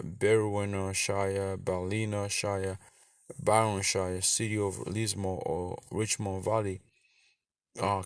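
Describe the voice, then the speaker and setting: A lower-pitched man gives a casual religious teaching, reading aloud as he goes. He stumbles and repeats words, drops in curses, and sounds close and dry with no room echo. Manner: stumbling, repetitive reading with profanity. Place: in Australia.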